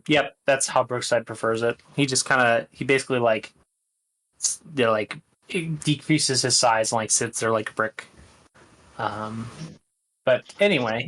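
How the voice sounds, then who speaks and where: A man running a tabletop game, narrating the scene as game master. He talks slowly and haltingly, with lots of filler words as he feels his way through the story. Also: mid-range voice, a bit bright. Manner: hesitant, filler-heavy.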